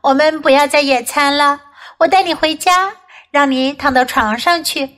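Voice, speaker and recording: A woman's voice: high-pitched, moderate pace. A woman voicing an eager, caring young child who looks after a pet tiger, in a bilingual children's storybook reading. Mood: caring, scolding. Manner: bright, eager, bilingual repeats.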